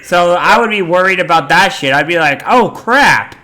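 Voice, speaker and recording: A man chatting casually while he plays a game on a live stream, rambling in an animated way and swearing freely. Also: high-pitched, a little fast, a little hiss or hum.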